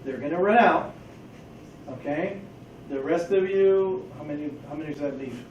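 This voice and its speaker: Male police trainer, high voice, casual joking briefing, echoey room, mic set far off. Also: normal speed, dull audio, slight background noise.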